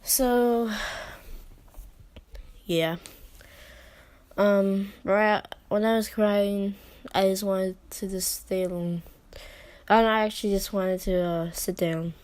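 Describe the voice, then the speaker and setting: A teenage girl telling a personal story in a vlog, halting and hesitant, with many fillers and restarts and soft whispered asides. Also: medium pitch, fairly even intonation, no room sound. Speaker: vlogger.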